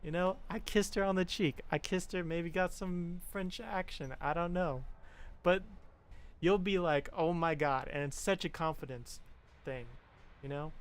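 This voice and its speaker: A man's voice: high voice, a little slow, smooth. A young man streaming and talking to his viewers, giving frank, profane relationship advice and mimicking the people he quotes. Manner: frank, swearing, pep-talk style. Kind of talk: casual chat to stream viewers.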